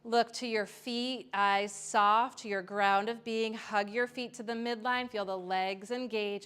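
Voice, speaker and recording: A woman teaching a live yoga class in a studio, giving calm step-by-step cues with casual asides. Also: mid-range voice, measured pace, few pauses, clear, resonant tone. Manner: calm cueing with chanted Sanskrit and casual asides.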